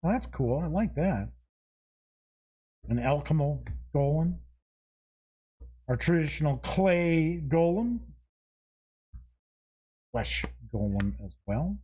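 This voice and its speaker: A man with a fairly high voice takes his time, hosting a casual unboxing. He reads names off one by one in a slow, unhurried way and drops in short asides and self-amused chuckles. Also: animated, mellow, husky. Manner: chuckles at himself. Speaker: show host.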